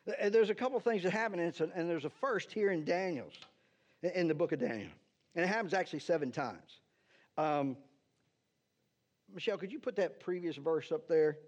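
A man with a fairly high voice gives a teaching sermon as pastor, talking casually and often asking "right?" to check that people follow. The recording is dull and lo-fi. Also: a little fast. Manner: conversational, keeps asking "right?"; talks to the slide operator between points. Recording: dull lo-fi sound.

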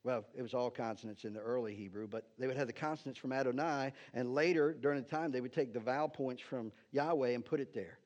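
A man's voice: medium pitch, steady tone, fast talker, few pauses, darkish tone. A man, a pastor, giving a sermon in a conversational teaching style and often checking in with "right?". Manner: conversational, keeps asking "right?"; talks to the slide operator between points. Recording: dull lo-fi sound.

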